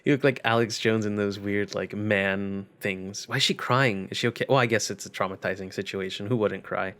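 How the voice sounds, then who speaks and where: A man's voice: lowish voice, fairly even intonation, brisk, a bit bright. A young man giving casual let's-play commentary, wry and joking as he thinks aloud. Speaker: gaming channel host.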